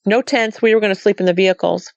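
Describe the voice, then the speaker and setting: A woman's voice: medium pitch, fairly even intonation, quick pace, creaky, no echo. Woman guest from Montana, casual storyteller who quotes everyone, dry dull remote audio. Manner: chatty, quotes others with "he goes" and "I said". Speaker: guest telling a sighting story.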